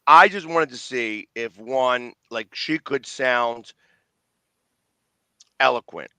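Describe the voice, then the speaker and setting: Philly guy ranting on a show, bright voice, dry close sound, keeps restarting his sentences. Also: mid-range voice, slow pace, clear, resonant tone, dry recording, poor audio. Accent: Philadelphia. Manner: blunt, opinionated, stammering restarts. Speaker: sports show host. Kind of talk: casual political chat.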